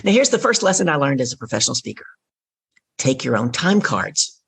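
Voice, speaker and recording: A middle-aged woman, a guest on an interview show, telling a story in a gravelly, husky voice and acting out the dialogue. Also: rumbling low, sing-song, brisk, fairly bright tone. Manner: vivid storyteller who acts out dialogue. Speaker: guest, professional speaker.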